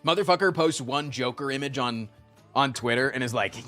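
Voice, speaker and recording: During a casual livestream set to soft background music, a man talks at a normal speed in a mid-range voice. He tells animated stories with plenty of curse words, reading out chat messages and replying to them.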